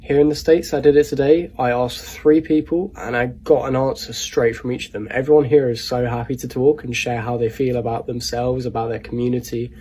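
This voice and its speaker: A man's voice: mid-range voice, fairly even intonation, brisk, few pauses, warm tone, husky. A man who works as a reporter, talking earnestly in a casual vlog.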